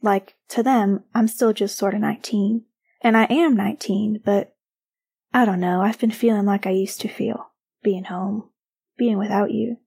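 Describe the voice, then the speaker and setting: A woman voicing an affectionate nineteen-year-old male hockey player who talks warmly and a little shyly, in a storybook reading. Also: mid-range voice, fairly even intonation, moderate pace, vocal fry, breathy edge. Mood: earnest.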